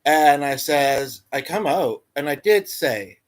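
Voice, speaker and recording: A man's voice: a little high, moderate pace, few pauses. A man hosting a casual livestream, telling a meandering everyday story full of fillers and restarts. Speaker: livestream host. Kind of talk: rambling casual livestream chat.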